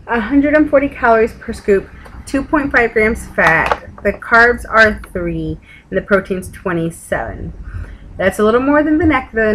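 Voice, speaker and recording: A woman's voice: medium pitch, fairly bright tone, poor audio. Texan woman vlogger, casual and rambly, tired and yawning, salty language. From Texas. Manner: chatty, rambling, casual swearing. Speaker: weight-loss vlogger. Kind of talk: casual rambling chat to camera. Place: home room with an open window. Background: outside noise through the window.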